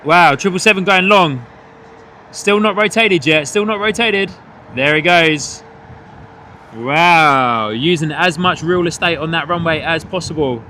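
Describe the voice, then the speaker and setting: A man hosting a live plane-spotting stream from a hotel above the runway, excitedly calling out departures and greeting viewers. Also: on the high side, a little slow, a little hiss or hum. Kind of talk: live commentary. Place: hotel third floor overlooking an airport runway.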